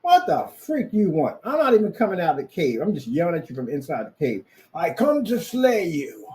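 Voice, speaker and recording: A man voicing a grumpy, territorial male dragon that yells from its cave, grumbling and irritated. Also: a little high, huge pitch swings, a little fast, a little hiss or hum, pitched above the performer's own voice. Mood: annoyed.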